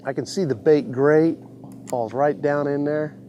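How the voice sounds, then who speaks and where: A man hosting a fishing show, giving excited commentary from a boat on a lake and talking to the fish and the viewers at home. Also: fairly high pitch, unhurried, muffled recording, slight background noise. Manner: whoops and laughs, talks to the fish and the folks at home.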